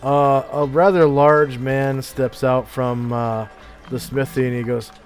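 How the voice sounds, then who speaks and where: A man's voice: medium pitch, level tone, slow, smooth, faint music behind. A man running a tabletop game as game master, loose and profane, often muttering to himself. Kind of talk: narrating a tabletop game stream.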